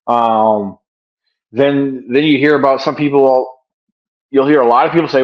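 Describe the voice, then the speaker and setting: A man's voice: medium pitch, fairly even intonation, measured pace. An older man talks in a mid-range voice, looping back on himself with lots of ums and restarts. The sound comes through a dull, muffled video call from a room at home. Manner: rambling, many fillers and restarts, chuckles. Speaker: wildlife and bigfoot researcher guest. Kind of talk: casual interview answers.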